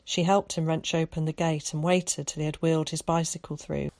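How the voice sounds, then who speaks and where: Low, calm woman narrating a story. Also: fairly quick, vocal fry. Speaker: audiobook narrator. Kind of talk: scripted narration.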